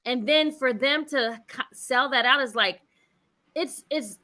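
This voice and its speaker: A woman co-hosting a podcast in casual chat, filling her talk with "like" and quick agreeing words. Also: high-pitched, sharp tone. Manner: lots of "like", agreeing fillers. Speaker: podcast co-host.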